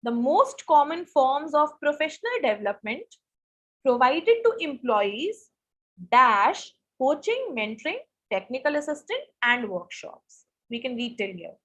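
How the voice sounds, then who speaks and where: A woman's voice: high voice, sing-song, a little slow, a bit bright, lo-fi sound. A young woman teaching SAT grammar in a live online lesson, quizzing students and reading their answers. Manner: asks students questions, reads answers from chat.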